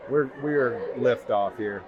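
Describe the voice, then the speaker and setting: The audio is narrow and tinny as a man with an unhurried, mid-range voice vlogs a food review in a restaurant. He raves about each bite to camera while restaurant crowd chatter carries on behind.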